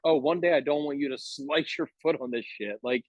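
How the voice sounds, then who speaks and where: A man's voice: on the high side, a little fast, no echo, muffled recording. A man in his thirties telling a long, rambling story on a podcast, laughing as he goes. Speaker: podcast guest. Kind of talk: casual chat, storytelling.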